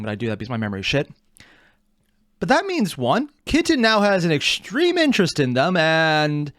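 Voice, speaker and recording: Rambling, swearing man doing casual reaction commentary; slightly high, very lively pitch. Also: no room sound, clean studio sound. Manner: rambling, self-interrupting, swearing. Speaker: reaction video host.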